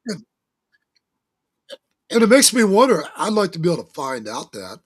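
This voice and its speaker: A man's voice: high-pitched, big pitch swings, moderate pace, husky. A man talking as a guest on a talk show, telling stories in a folksy, emphatic way with religious turns of phrase. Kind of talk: casual talk-show interview.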